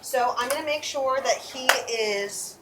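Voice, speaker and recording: A woman giving a hands-on teaching demo inside a dog kennel at an animal shelter, explaining calmly and gently with frequent restarts. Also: high-pitched, unhurried. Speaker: shelter volunteer trainer. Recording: distant mic, faint background noise.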